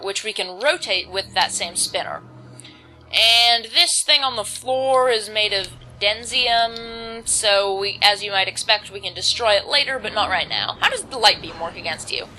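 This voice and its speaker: A teenage girl rambles through casual let's play commentary on a video game at home, keeping her volume low and using plenty of filler words. Her mid-range voice is bright and forceful, and the recording is rough.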